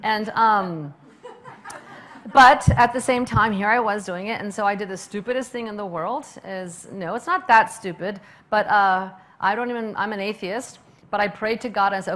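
A middle-aged woman who runs a restaurant, giving an animated public talk full of stories, fillers and restarts. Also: mid-range voice, normal speed. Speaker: restaurant owner and speaker.

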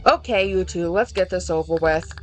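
A woman voicing a gruff, weary male school principal in a lowered voice. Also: moderate pace, darkish tone, faint music behind, lightly acted, rough recording.

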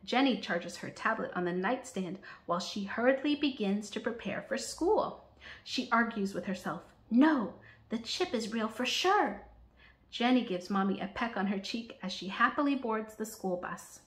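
A woman storyteller reading a children's picture book aloud in a lively, expressive way. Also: medium pitch, moderate pace. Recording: roomy echo.

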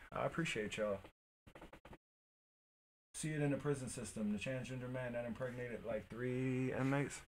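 A man's voice: mid-range voice, unhurried, long pauses, a bit bright, a little hiss or hum. A man hosting a live stream, reading news articles aloud and breaking off into blunt, slangy reactions. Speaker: streamer host. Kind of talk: casual live-stream commentary.

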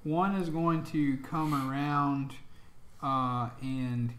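A man's voice: medium pitch, drawn-out words, fairly bright tone, echoey room. A man narrating a tabletop game as dungeon master, in a loose, chatty way with plenty of ums and laughs.

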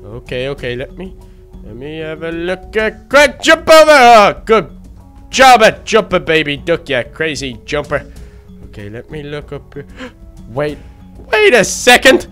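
A man voicing a timid, excitable young male baby duck in a game role-play, gasping and easily frightened. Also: fairly high pitch, a little slow, clear, resonant tone, faint music behind. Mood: scared. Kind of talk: Minecraft role-play narration.

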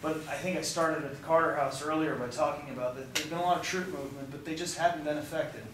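With fast delivery and fairly even intonation, a hoarse tour guide addresses his group outdoors with the emphatic zeal of a preacher, his worn voice sitting a little high. Heavy echo and faint background noise come from the distant recording.

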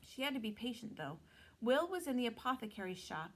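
A woman teacher reading a novel aloud to students in an expressive storytelling manner. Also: fairly high pitch, brisk, slight background noise, rough recording.

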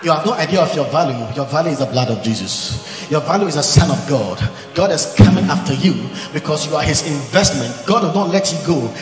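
Male pastor, lively higher voice, fiery sermon with bursts of shouting, recorded in a roomy hall. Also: brisk, few pauses, music in the background. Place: large church event hall.

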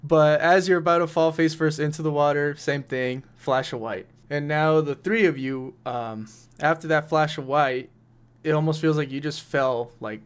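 A young man narrates a tabletop game as its game master, a little high in pitch. He talks loosely, cursing and breaking into laughter as he goes. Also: fairly even intonation, normal speed, clean tone. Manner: laughs often, swears casually.

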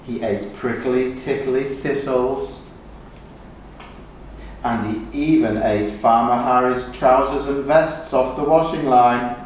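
Man reading a children's story, unhurried, expressive, very echoey room. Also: medium pitch, slight background noise. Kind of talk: reading a picture book aloud. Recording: echoey room, distant mic.

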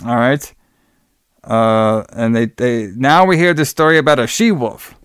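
A man's voice: mid-range voice, lively intonation, a little slow, a bit bright, smooth, no echo, clean studio sound. A man co-hosting a podcast, loosely and crudely retelling a film's plot. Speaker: podcast co-host. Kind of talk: casual movie recap.

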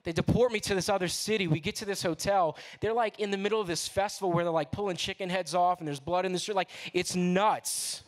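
A man's voice: sits high, brisk, hardly any pauses. Slangy New man telling a story. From New Orleans, USA. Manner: casual, slangy, animated storytelling. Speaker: guest speaker. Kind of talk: storytelling sermon testimony.

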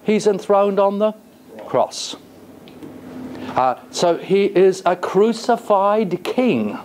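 A man's voice: sits high, expressive, slow pace, a little mellow, slight background noise. A man giving a college lecture in a classroom. He talks in a thoughtful, hesitating way and keeps asking the class rhetorical questions.

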